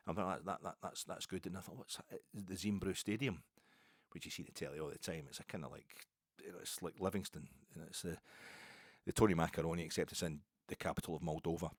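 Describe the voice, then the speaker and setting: A man's voice: sits low, no echo, studio quality. A middle-aged man, hosting a solo podcast and rambling from one football story to the next. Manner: rambling, digressive football chat. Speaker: podcast host.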